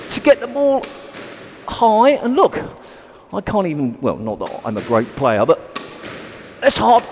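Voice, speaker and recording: A man's voice: high voice, darkish tone, big-room sound, slight background noise. A man coaching squash on court, explaining and demonstrating shots in a chatty, self-deprecating way. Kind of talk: on-court instructional video.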